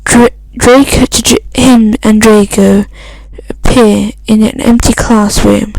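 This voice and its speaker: A woman's voice: mid-range voice, fairly even intonation, gravelly, darkish tone, no echo, poor audio. A woman reading a fan story aloud, stumbling and restarting often. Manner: halting reading with frequent restarts. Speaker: fan fiction reader.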